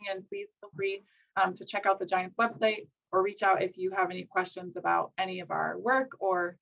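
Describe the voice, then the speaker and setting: A woman moderating a session, wrapping up in a brisk, organized way over a video call. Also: medium pitch, steady tone, vocal fry, dull audio. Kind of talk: session wrap-up.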